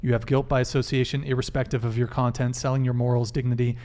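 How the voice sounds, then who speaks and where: Male host of a live dating talk stream, brisk and joking, reads super chats. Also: medium pitch, little pitch movement, mellow. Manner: brisk, reads donor messages aloud and jokes. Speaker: podcast host.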